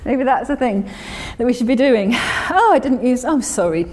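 A woman speaking to her church congregation in a relaxed, chatty way, full of fillers and restarts. Her voice is mellow and dark, and it rings with the long reverb of a church hall. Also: on the high side, normal speed. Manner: chatty, self-deprecating, many fillers and restarts. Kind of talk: informal sermon and scripture reading.

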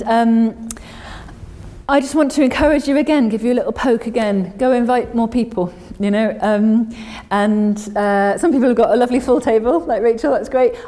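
A woman's voice: a little high, mellow, long reverb tail. A woman giving an informal, chatty sermon and reading scripture aloud, with many fillers and restarts. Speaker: church speaker.

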